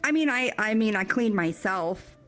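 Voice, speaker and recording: A woman's voice: medium pitch, expressive, normal speed, fairly bright tone. A woman player in a fantasy role-play, joking and teasing playfully. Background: faint background music.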